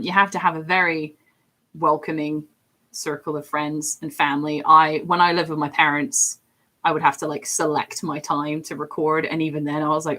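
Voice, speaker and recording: An English woman in her thirties with a deep voice, chatting casually and ramblingly on a livestream about voice acting. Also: fairly bright tone. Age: 30s. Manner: rambling and chatty, with frequent fillers and laughs. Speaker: streamer and voice actor.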